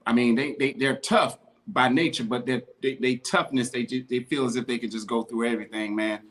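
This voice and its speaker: A man's voice: medium pitch, fairly even intonation, a little fast, fairly bright tone. A man co-hosting a podcast, talking in a heartfelt, slangy, casual way. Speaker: podcast co-host.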